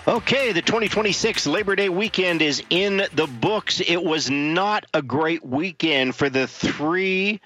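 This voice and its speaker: A man's voice: on the high side, measured pace, hardly any pauses, bright, forceful tone, faint music behind. A man hosting a sports call-in show, chatty and loose with fillers. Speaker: radio sports host. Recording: dry, slightly dull broadcast audio.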